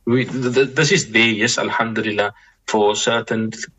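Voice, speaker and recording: A man with a husky, slightly breathy voice and a forceful, bright edge. He talks in a measured, reflective way, circling back and repeating words as he gathers his thoughts. His tone leans gently toward preaching. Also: on the low side, fairly even intonation, dull audio. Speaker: Muslim scholar guest. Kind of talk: reflective podcast conversation.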